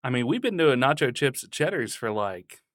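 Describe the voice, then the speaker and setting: A man's voice: mid-range voice, sing-song, moderate pace, a bit bright, no room sound. Laid-back swearing man, dry sound. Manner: laid-back, swears casually, laughs often. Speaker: podcast co-host. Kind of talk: casual chat. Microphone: studio mic.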